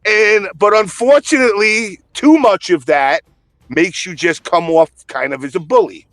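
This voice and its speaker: A man's voice: high-pitched, a little slow, fairly bright tone, dry recording. A man in casual podcast chat, telling stories in a blunt, profane way.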